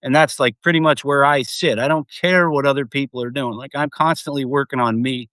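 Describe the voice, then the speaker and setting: Rambling excitable man on a live stream. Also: mid-range voice, a little fast, dry recording. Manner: rambling, excitable, swears freely, many fillers. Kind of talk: casual live stream monologue.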